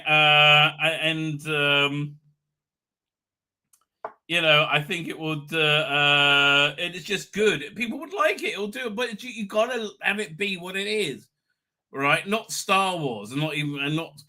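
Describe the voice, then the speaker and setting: A middle-aged man hosting a casual livestream, rambling, chatty and quick to laugh as he reads viewer comments. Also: fairly high pitch, sharp tone. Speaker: livestream host. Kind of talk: casual live chat, reading viewer comments.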